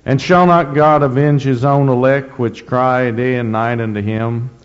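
Slow-preaching man in an echoing church. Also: mid-range voice, fairly even intonation. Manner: slow, deliberate reading with rising emphasis and frequent throat clearing. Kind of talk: sermon with scripture reading. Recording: dull lo-fi recording in a reverberant hall.

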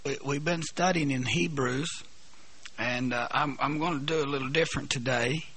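A hoarse man preaching a sermon, halting and repeating words, then bursting into shouts. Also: mid-range voice, music in the background. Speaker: pastor. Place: church.

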